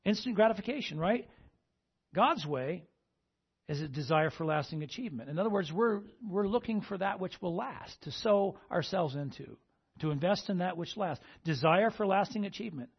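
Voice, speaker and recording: In this dull-sounding clip, a male pastor with a high, animated voice delivers a sermon at normal speed, his tone marked by vocal fry and a breathy edge. He keeps pausing between points to ask the congregation "amen?", drawing them into call-and-response.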